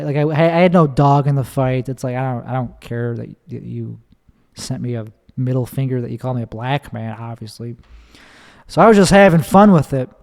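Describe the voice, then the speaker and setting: Swearing podcast host in an echoing room. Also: male voice, medium pitch, a little mellow. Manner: rambling, swears freely. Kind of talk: casual solo monologue. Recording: long echoing reverb.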